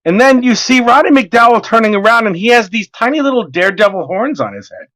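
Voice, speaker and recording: Guy in his 40s rambling on a stream, high voice bouncing all over, swears a lot. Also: fast talker. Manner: animated, rambling, profane storyteller. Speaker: artist streaming his work. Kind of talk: casual chat.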